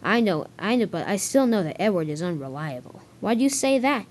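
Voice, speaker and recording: A woman's voice: mid-range voice, very animated, fairly quick. A woman voicing a boastful, grumpy big male engine in a toy train story, talking in a huffy, defensive way.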